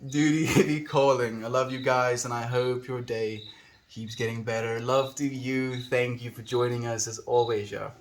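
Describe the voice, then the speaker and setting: A young man in casual livestream chat, talking to his viewers in an easygoing, affectionate way and laughing often. His voice sits at an ordinary middle pitch. A faint background noise runs under the recording. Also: steady tone, moderate pace. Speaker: streamer.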